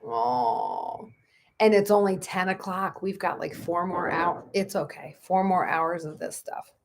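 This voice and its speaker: A woman's voice: fairly low pitch, fairly even intonation, normal speed, a little hiss or hum. A woman who practices Reiki, chatting casually on a livestream at home at night and cooing to her dogs in baby talk.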